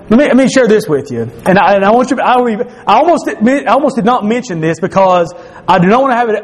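A man's voice: high voice, slight background noise. A man preaching in a church, earnest and confessional, repeating phrases for emphasis. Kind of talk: sermon.

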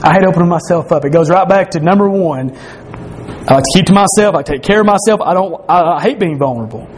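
A man's voice: high voice, a little fast, slight background noise. A man preaching in a church, earnest and confessional, repeating phrases for emphasis. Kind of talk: sermon.

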